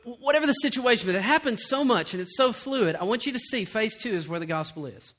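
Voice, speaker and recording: A middle-aged man preaching with a high, bright, forceful voice. He tells lively stories and acts out the lines of others, then sinks into quiet, earnest emphasis. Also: fast talker. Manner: animated storytelling, acts out quotes, then drops to quiet earnest tones. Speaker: pastor. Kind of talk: sermon.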